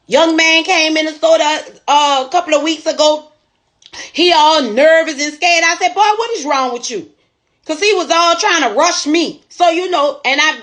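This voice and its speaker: High-voiced woman preaching purpose. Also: a bit bright. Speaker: store owner and entrepreneur. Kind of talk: motivational testimony.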